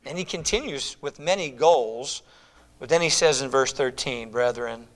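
A man preaching a sermon emphatically, repeating words and phrases, swinging between loud exclamations and hushed, near-whispered lines. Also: mid-range voice, normal speed.

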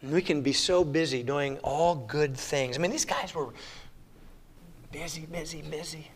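A male pastor preaching a sermon with a somewhat high voice. He drops to near-quiet, tender lines, then builds to loud, urgent emphasis. His delivery is earnest and expressive. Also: a little slow, breathy edge. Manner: impassioned, swinging between hushed and loud emphatic delivery.

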